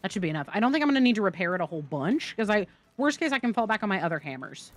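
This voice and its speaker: A woman's voice: mid-range voice, sing-song, rapid-fire, no room sound, soft background music. A woman streaming live gameplay, chatting and joking with her viewers as she plays. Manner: chatty, jokey, talks to chat. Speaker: game streamer.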